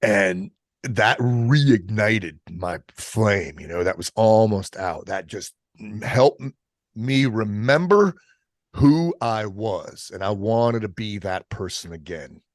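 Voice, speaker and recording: A man with a deep, low-pitched voice recounts his story candidly as a podcast guest. He speaks casually and swears freely, often halting and circling back mid-sentence. The sound is dry and close, with no room around it. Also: expressive, dry recording. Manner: casual and profane, halting with restarts, drops "man" and "bro". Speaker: podcast guest, military veteran.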